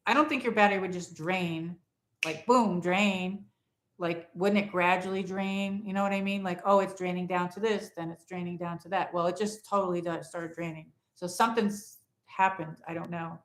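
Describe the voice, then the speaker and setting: A woman hosts a relaxed phone livestream from home, in front of a Christmas tree, meandering through talk and reading viewer comments aloud. She has a fairly low voice with fairly even intonation, speaks at a normal speed, and the sound is roomy.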